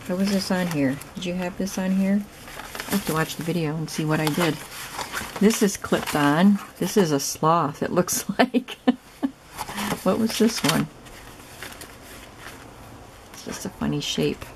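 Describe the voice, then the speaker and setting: A woman casually narrating a show-and-tell of a handmade journal, soft, chatty and admiring as she thinks aloud. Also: fairly low pitch, measured pace, long pauses, background noise. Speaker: craft vlogger showing a gifted journal.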